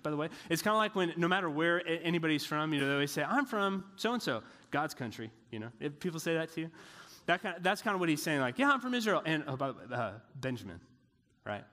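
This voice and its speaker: A man's voice: fairly high pitch, lively intonation, quick pace, pushed and bright, big-room sound. A man preaching a casual Bible lesson, talking in a loose, joking way with lots of filler words. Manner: chatty, joking asides with many "like" fillers.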